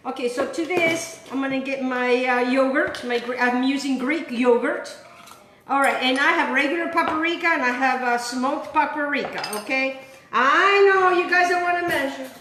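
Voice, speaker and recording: A woman hosting a home cooking demonstration, chatty and exuberant, breaking into sudden high whoops as she works in her kitchen. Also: moderate pace, reverberant, background noise. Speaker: cooking show host.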